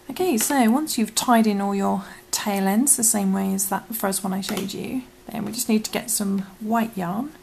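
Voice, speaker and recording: A woman teaching crochet step by step, talking softly and often dropping to a whisper while she works, as if losing her voice. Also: mid-range voice, moderate pace, gravelly, hardly any pauses, slight background noise, poor audio. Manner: soft, half-whispered instructions while working. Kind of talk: step-by-step craft tutorial.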